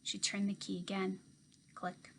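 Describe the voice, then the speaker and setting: A woman teacher reading a children's novel aloud in expressive first-person storytelling. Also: mid-range voice, a little slow, creaky, a little hiss or hum.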